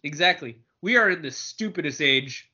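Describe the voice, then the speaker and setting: A man's voice: fairly high pitch, lively intonation, moderate pace, sharp tone, husky, lo-fi sound. A man co-hosting a podcast in a casual, joking chat, often repeating words as he starts a thought. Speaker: podcast co-host.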